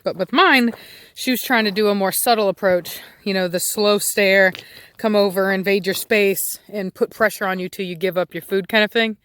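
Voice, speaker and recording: A woman's voice: medium pitch, moderate pace, a bit bright, dry recording. A chatty woman vlogging outdoors on her land, talking through her dogs' habits in a loose, rambling way. She breaks off now and then to snap commands at the pack, and dogs can be heard behind her. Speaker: dog breeder. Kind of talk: casual vlog talk outdoors with dogs. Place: outdoors on rural property.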